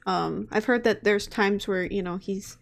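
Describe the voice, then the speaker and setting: Chatty woman, soft music behind. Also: mid-range voice, unhurried, gravelly. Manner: chatty, many fillers and restarts. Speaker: guest. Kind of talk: casual chat.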